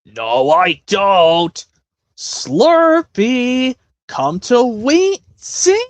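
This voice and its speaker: A man doing an impression of an excitable, squabbling cartoon dragon, squealing and shouting in a high voice. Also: extremely slow, dry recording, full character voice.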